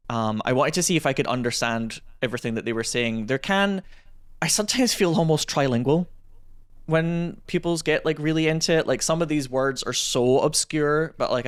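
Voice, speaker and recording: A Scottish man from Scotland, co-hosting a gaming podcast in casual, animated chat, acting out quotes as he tells stories. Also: mid-range voice, clean tone. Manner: animated, storytelling with quoted asides. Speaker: podcast co-host.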